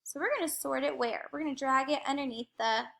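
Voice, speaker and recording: A young adult woman teacher slowly modeling letter sounds in a phonics lesson. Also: high voice, creaky, a bit bright. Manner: slow, careful modeling of sounds.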